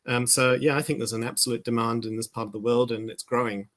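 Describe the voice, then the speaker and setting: A man's voice: medium pitch, steady tone, fast, a bit bright. A man speaking as a wine importer guest, businesslike, with many hesitations. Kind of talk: interview answers. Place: Sydney.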